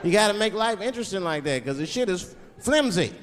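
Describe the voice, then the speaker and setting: Performing stand-up for a live crowd in a large hall, a man from Washington, D.C. talks briskly in a high-pitched, expressive voice over background noise. He slips into character voices as he tells his stories, drawing laughter from the audience.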